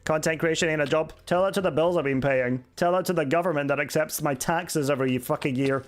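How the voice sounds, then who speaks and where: A man's voice: a little high, fast, soft background music. A young man streaming a game, chatting casually and answering chat with sarcasm and swearing. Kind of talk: casual live-stream chat while gaming.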